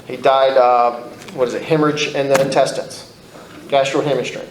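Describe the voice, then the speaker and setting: A man's voice: medium pitch, little pitch movement, normal speed, echoey room, background noise. A man telling his own recovery story to a group, candid and blunt, swearing freely, rambling with restarts.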